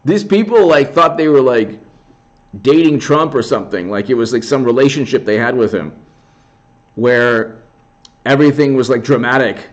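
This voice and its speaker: A man's voice: mid-range voice, expressive, normal speed, highs cut off. A man giving rambling, sarcastic political commentary on a casual livestream, often restarting his sentences.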